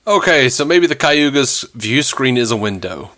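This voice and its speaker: A man talks casually on a podcast, reading listener comments aloud and joking between them. His voice sits at an ordinary middle pitch, and he laughs easily. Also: big pitch swings, moderate pace, pushed and bright. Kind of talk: casual chat.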